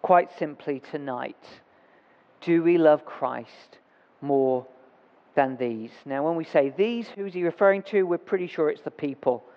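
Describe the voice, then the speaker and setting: In a church, a man with a slightly high voice preaches a sermon in an unhurried, conversational way, correcting himself and reading scripture aloud. The church recording sounds dull and reverberant.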